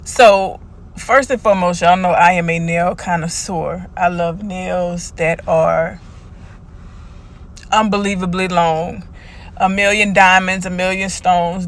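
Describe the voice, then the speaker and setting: A woman telling a storytime about a nail shop visit, brash and slangy and animated, talking to "y'all". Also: fairly low pitch. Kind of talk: storytime vlog.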